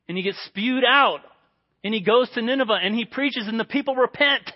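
A man preaching a sermon in an earnest way, dropping to a hushed voice for quoted prayers. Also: high voice, expressive, a little fast, highs cut off.

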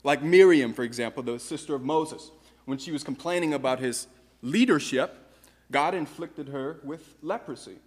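A man's voice: a little high, moderate pace, slightly rough. Earnest preacher man in a reverberant hall. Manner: earnest, rhetorical questions to the congregation. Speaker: pastor. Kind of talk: sermon.

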